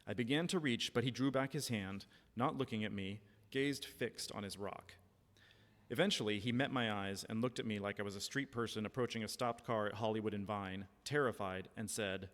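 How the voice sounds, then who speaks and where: A man reading his own first-person short story aloud at a library event, with wry, measured delivery. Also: fairly low pitch, a bit bright, in a large hall. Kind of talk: live fiction reading.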